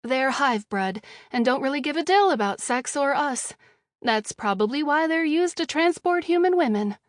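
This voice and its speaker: A woman voicing a friendly, brisk young woman who is a fellow captive, as audiobook dialogue. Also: high voice, lively intonation, no room sound, studio quality, voice pushed up. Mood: chatty.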